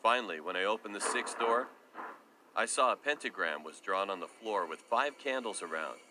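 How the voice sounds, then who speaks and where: A man narrating a scripted first-person horror story with a steady, even reading. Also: fairly low pitch, normal speed, background noise.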